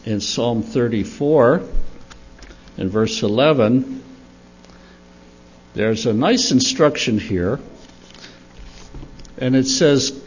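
An older man with a husky voice tells a church story for children, unhurried and chuckling. His pitch rises and falls with lively animation. The recording sounds dull and lo-fi. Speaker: church speaker.

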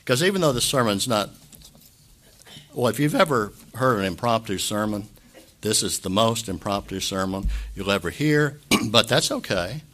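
A man pastor giving an impromptu sermon, earnest and emotional, halting often to clear his throat. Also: fairly low pitch, animated, a bit bright.

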